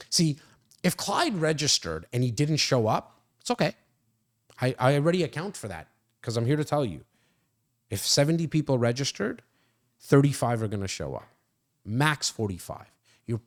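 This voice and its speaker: A man coaching real estate agents in an emphatic, energetic way, using casual slang. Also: mid-range voice. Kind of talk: coaching talk, role-playing sales calls.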